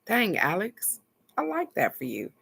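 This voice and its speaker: A woman's voice: mid-range voice, wildly swooping pitch, a little slow, gravelly, a bit bright, husky. A woman hosting a casual live oracle card reading, chatting with viewers, laughing often and reading each card's text aloud.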